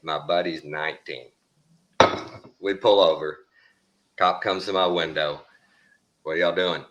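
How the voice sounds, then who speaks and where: A middle-aged man with a Texan accent telling a story in a casual, animated drawl, swearing freely. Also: low-pitched, a little slow, lo-fi sound, very noisy. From Texas.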